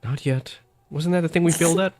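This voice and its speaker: A man's voice: on the high side, quick pace, a little mellow, slight background noise. A man hosting a let's play, chatting in a laid-back, thoughtful way while he plays. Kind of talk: casual gameplay chat.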